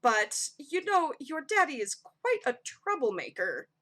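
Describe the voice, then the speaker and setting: A woman voicing a tall, ancient, clawed goddess grandmother who speaks in a stern, measured, sighing way. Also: high-pitched, very animated, pushed and bright, exaggerated voice. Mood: weary stern.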